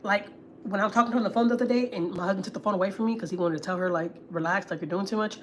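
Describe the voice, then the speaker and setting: A woman from Houston, Texas, hosts a casual family vlog livestream, venting bluntly and profanely and repeating herself for emphasis. She talks very fast in a mid-range voice, with slight background noise.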